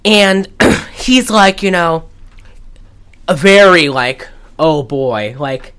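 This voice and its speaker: A woman's voice: mid-range voice, slow pace, clear, resonant tone. A woman co-hosting a podcast, recapping a movie in casual chat and acting out the characters' lines as she goes. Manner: animated, acts out quoted lines while recapping. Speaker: podcast co-host.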